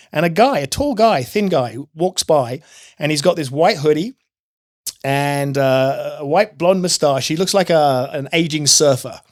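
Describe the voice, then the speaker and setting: A man as a podcast guest, sharing his personal testimony in an earnest, animated storytelling manner. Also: a little high. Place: podcast studio.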